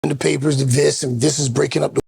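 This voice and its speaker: A man with a high, gravelly voice tells a story in loose podcast chat. He slips into other people's voices as he goes. The sound is close and dry. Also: quick pace, no echo. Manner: animated storyteller, acts out voices. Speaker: co-host.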